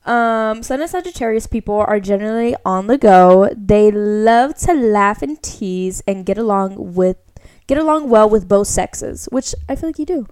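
A woman's voice: medium pitch, normal speed, darkish tone, smooth. A young woman co-hosting a casual podcast, chatting and reading an astrology chart aloud, leaning heavily on "like" between phrases. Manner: chatty, heavy use of "like". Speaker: podcast co-host.

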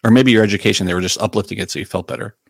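A man co-hosting a podcast, excitable and laughing a lot in casual chat. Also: fairly low pitch, racing, vocal fry, husky, dry recording. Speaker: podcast co-host.

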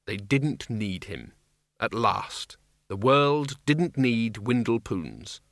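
Male audiobook narrator, wry and measured, dry close studio sound. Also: mid-range voice, lively intonation, fairly bright tone, no room sound. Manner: measured, wry, voices characters.

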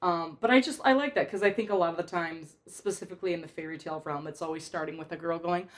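A young woman hosting a casual film discussion, animated and laughing often. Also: fairly low pitch, fairly quick, few pauses. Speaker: podcast host.

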